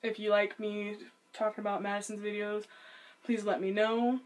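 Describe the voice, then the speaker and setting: A woman's voice: mid-range voice, little pitch movement, normal speed. A woman gives casual reaction commentary on a friend's video. She is chatty and giggly, and she keeps apologizing as she talks.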